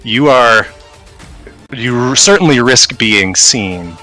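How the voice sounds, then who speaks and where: A man's voice: mid-range voice, expressive, takes it slowly, bright, forceful tone, faint music behind, poor audio. A man running a tabletop role-playing game, narrating a tense scene in vivid second-person storytelling. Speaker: game master.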